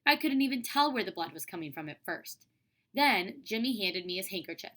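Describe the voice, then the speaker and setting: A woman teacher reading a children's book aloud with expressive storytelling. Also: mid-range voice, a little fast.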